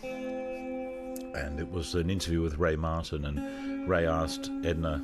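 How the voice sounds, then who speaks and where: A deep-voiced man talking in a casual podcast chat, his pitch leaping up and down. He tells stories with theatrical flair. Music plays clearly behind him. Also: slow pace. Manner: animated, slips into funny put-on voices. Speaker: podcast guest and storyteller.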